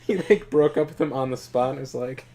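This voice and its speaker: Casual male gaming host, mid-pitched, rambling profane storyteller. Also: fairly quick, a crowd in the background. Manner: rambling, profane, laughing often. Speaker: co-op gameplay host.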